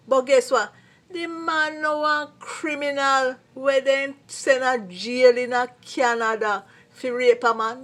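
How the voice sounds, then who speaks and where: A woman's voice: high-pitched, a bit bright. A woman from Jamaica with a Jamaican accent, giving an emphatic, indignant commentary in Patois. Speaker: vlogger commentator.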